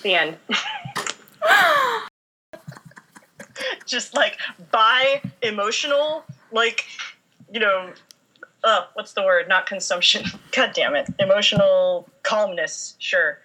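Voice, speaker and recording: Bright, rambling young woman storyteller. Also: mid-range voice, slow, long pauses, low-quality recording. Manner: rambling, animated storytelling with laughter. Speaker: guest, fan fiction writer. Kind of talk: casual chat.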